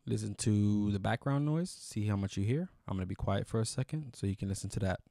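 A man's voice: lowish voice, fairly quick, vocal fry, warm tone, dry recording, studio quality. A man casually reviewing microphones on camera, rambling with fillers and restarts. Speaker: YouTube gear reviewer. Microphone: close studio microphone.

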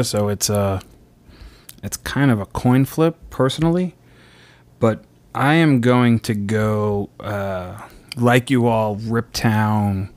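A man hosting a podcast, chatting casually in a measured, teasing way. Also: mid-range voice, no echo. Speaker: podcast host.

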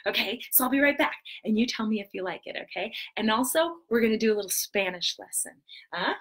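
A woman hosting a live stream for preschoolers, talking in an animated, sing-song way with gasps and quick asides. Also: on the high side. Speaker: children's entertainer host. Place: home.

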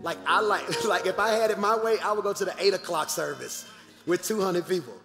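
Animated pastor in a reverberant hall. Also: male voice, high voice, a little fast, gravelly, over music. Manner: animated, calls out to the congregation. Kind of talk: church announcements from the pulpit. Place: large church auditorium.

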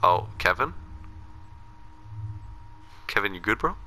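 Young male gamer, lowish bright voice, playful excitable commentary. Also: slow, slight background noise. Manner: excitable, playful, talks to game characters. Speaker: gaming commentator. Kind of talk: casual gameplay commentary.

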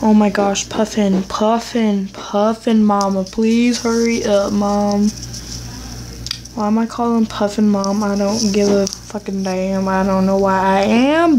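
A woman's voice: mid-range voice, fairly even intonation, takes it slowly, darkish tone, slight background noise, poor audio. A woman giving casual gameplay commentary for her channel, rambling and blunt as she talks to herself. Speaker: gaming YouTuber.

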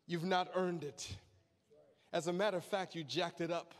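A preacher doing a low, hushed voice for God as a gentle fatherly deity. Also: fairly even intonation, moderate pace, in a large hall, natural voice. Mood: tender.

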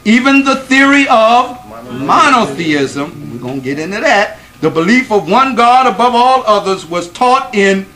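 A man's voice: sits high, lively intonation, a little slow, hardly any pauses, pushed and bright, poor audio. A man giving a classroom lecture to a live audience, speaking with emphasis, quizzing the listeners and repeating points to stress them.

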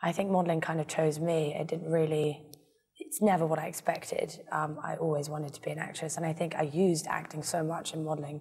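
A woman's voice: deep voice, level tone, a little fast, a little mellow, breathy edge, long reverb tail. A woman in her twenties, the guest in a casual interview, rambling with lots of fillers. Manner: rambling, filler-heavy, self-deprecating.

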